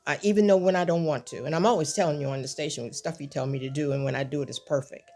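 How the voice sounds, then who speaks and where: A woman's voice: low-pitched, fairly even intonation, very fast, warm tone. An older woman hosting an online devotional, talking casually and then preaching with impassioned, repetitive appeals. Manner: impassioned and repetitive, rising to pleading cries. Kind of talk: spoken devotional message.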